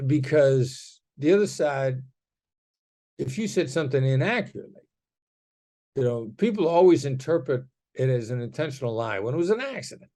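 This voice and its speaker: A man's voice: medium pitch, animated, normal speed, pauses often, mellow. A middle-aged man speaking as a guest in a podcast interview, explaining ideas conversationally and acting out tones of voice in his examples. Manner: demonstrative, acts out tone shifts in examples. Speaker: guest, negotiation expert.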